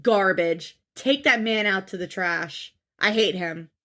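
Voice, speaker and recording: A woman's voice: mid-range voice, slow, a bit bright. A woman co-hosting a podcast, recapping a reality show in casual chat and bluntly swearing at the people in it. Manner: blunt, swears freely, acts out quotes in mocking voices. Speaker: podcast co-host.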